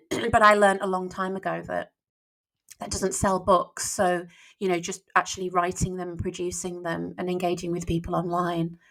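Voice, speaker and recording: A woman's voice: lowish voice, level tone, moderate pace, creaky. Chatty northern English woman. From northern England. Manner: chatty, with frequent restarts. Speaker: crime novelist, podcast guest. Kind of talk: casual chat.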